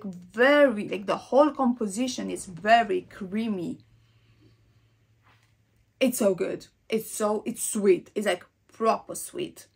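Young woman, gravelly fry, husky tone, chatty perfume talk, slips into whispers. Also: on the high side, a little mellow. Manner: chatty, rambling, drops into breathy whispers. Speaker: perfume vlogger. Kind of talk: casual perfume review.

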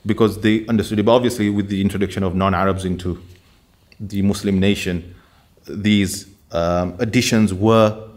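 A man lecturing a class in a deliberate, explanatory way, often pausing to check that his students follow. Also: deep voice, a little mellow.

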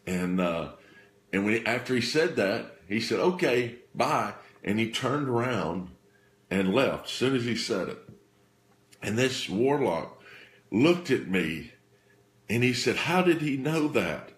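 A deep-voiced man tells a personal faith story with earnest feeling. He stops and restarts himself often, circling back over his phrases. His voice carries a roomy echo. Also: animated, slight background noise. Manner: halting, repeats and restarts phrases; earnest, emotional retelling. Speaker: speaker sharing a faith testimony.

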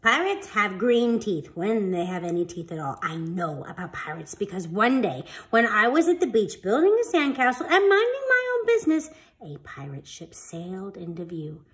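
A woman reading a children's picture book aloud as a storyteller, in an animated, expressive way. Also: mid-range voice, moderate pace, hardly any pauses.

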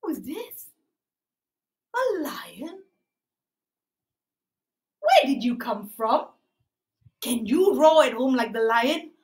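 A woman's voice: on the high side, big pitch swings, slow, pauses often, a little mellow. A young woman from Malaysia leading a live-streamed lesson for small children, exclaiming and talking in a sing-song way. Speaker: children's class teacher. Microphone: phone or camera on a livestream.

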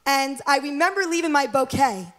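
A woman's voice: high-pitched, moderate pace. A woman, the pastor's wife, sharing heartfelt wedding memories with a church congregation. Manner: lively, heartfelt storytelling. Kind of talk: sermon introduction, personal story. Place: church sanctuary.

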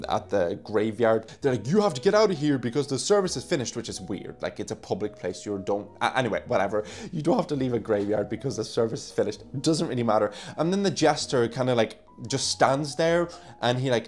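A man's voice: mid-range voice, darkish tone. A man reviewing a horror film in a casual vlog, chatty and loose, often saying "like" and swearing offhand, recorded on a phone mic. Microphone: phone used as microphone.

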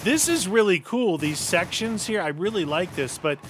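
A man's voice: high-pitched, expressive, normal speed, fairly bright tone, a little hiss or hum. A man co-hosting a gaming video, chatting playfully and giving his views on the map while he plays, with game gunfire behind him. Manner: chatty, playful, gives opinions on map design. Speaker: gaming channel co-host. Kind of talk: casual gameplay chat.

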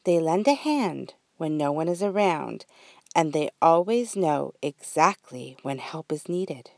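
A gentle, knowing grandmother from a children's storybook speaks softly in a lowered, hushed voice, as a woman plays her. She talks slowly, close to a dry mic. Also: lively intonation, vocal fry, dry recording, heavily acted.

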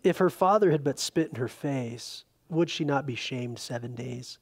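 A man pastor preaching a conversational Bible-study sermon, animated, with frequent restarts and filler words. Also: medium pitch, moderate pace, breathy edge. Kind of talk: expository sermon. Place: church sanctuary.

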